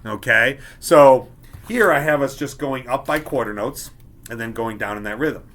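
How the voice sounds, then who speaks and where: A man's voice: mid-range voice, moderate pace, background noise. A man teaching a beginner music lesson, explaining each step patiently and checking in with "okay?" as he goes.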